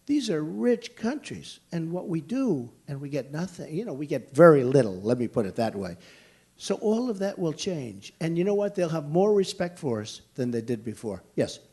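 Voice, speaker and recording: A man's voice: a little high, sing-song, moderate pace, warm tone, husky. Blunt, emphatic older American man. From United States. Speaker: presidential candidate at a rally. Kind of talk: campaign rally Q&A. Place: large indoor venue.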